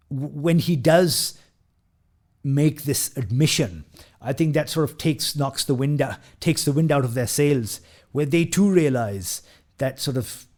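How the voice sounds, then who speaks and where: A man's voice: a little high, a little mellow. A man hosting a casual film review who retells scenes at length, with frequent fillers, restarts and quoted lines from the characters.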